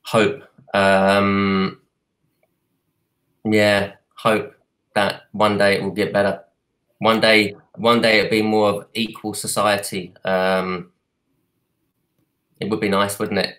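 Cockney guy on a video call from home, lowish voice, stops and restarts a lot, earnest. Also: completely flat delivery, fairly bright tone. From United Kingdom. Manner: earnest, halting, many restarts and fillers. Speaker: artist and advocate. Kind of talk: live video call interview. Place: apartment at home. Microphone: video call from home computer.

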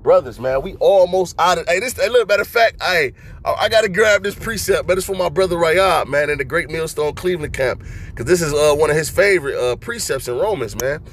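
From inside a car, this man exhorts his brothers in a loose preaching style, full of fillers and the word "man," pausing over scripture as he reads it slowly. He sounds on the high side and animated, with a little hiss or hum on the recording.

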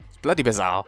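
A man's voice: lowish voice, a bit bright. A British man giving casual commentary on a video game he is playing, with dry, wry asides. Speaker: let's play host.

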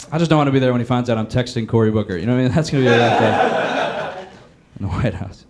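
A man performing a stand-up comedy set on a club stage, animated and bursting into loud shouting bits. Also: medium pitch, very fast. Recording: live club recording with loud crowd noise. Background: loud audience laughter.

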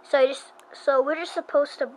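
A woman's voice: sits high, steady tone, moderate pace, lightly acted, low-quality recording. A woman voicing a snarky, nerdy teenage boy from a video game in a put-on nerdy voice. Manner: snarky and dismissive.

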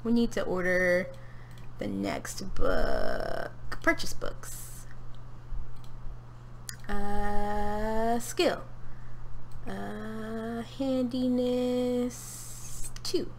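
A woman's voice: mid-range voice, very animated, very slow, pauses often, slight background noise. A young woman streaming a life-simulation game from her home office, chatting to her character and the viewers, sometimes from across the room, away from her desk mic. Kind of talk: casual gameplay commentary. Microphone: desk mic, heard from across the room.

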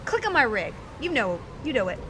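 A woman chatting excitedly to her viewers while she plays a video game live, talking back at the characters on screen. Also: on the high side, brisk, very noisy. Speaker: game streamer. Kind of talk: live gameplay commentary.

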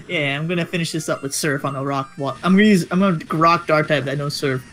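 A man's voice: a little high, fairly quick, fairly bright tone. A young man playing a co-op game, joking, punning and giggling as he talks. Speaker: co-op player. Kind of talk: casual gaming chat.

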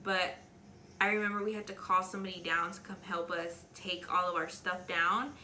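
A woman's voice: fairly low pitch, steady tone, moderate pace, bright, forceful tone, echoey room, a little hiss or hum. A young woman chatting candidly in a casual question-and-answer vlog, emotional and chatty, with many fillers. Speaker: beauty vlogger.

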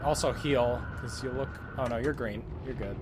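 A gaming channel host doing let's play commentary, swearing and yelling at the game character, with game music behind. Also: medium pitch, moderate pace, very noisy.

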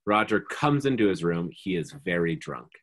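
A reader calmly reading stage directions aloud in a live script reading. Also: sits low, moderate pace.

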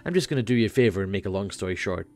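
A man voicing a laid-back, rambling floating teenage boy who acts as a self-aware game guide, a bit higher and louder than his own voice. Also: expressive, very fast, soft background music.

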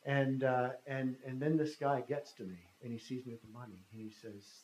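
A man's voice: mid-range voice, steady tone, fairly quick, few pauses, a little mellow, roomy sound, slight background noise, rough recording. A man in his fifties telling a personal story in a talk, speaking conversationally and acting out the dialogue. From United States. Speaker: guest speaker.

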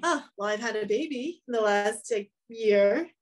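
A woman's voice: a little high, animated, normal speed, low-quality recording. A woman talking as a podcast guest in a reflective, rambling way, with many fillers and restarts. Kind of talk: casual conversation.

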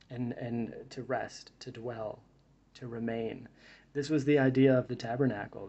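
A man's voice: mid-range voice, mellow, husky, dull audio. A man giving a reflective Bible study talk, reading verses aloud and then musing on them in a thoughtful way. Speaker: Bible teacher.

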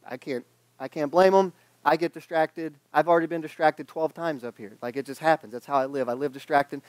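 A young man in his twenties preaches in a loose, conversational way, joking and acting out the people in his stories. His voice sits a little high for a man, and the sound is close and dry, with almost no room echo. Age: 20s. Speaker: pastor. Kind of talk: casual sermon. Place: church sanctuary.

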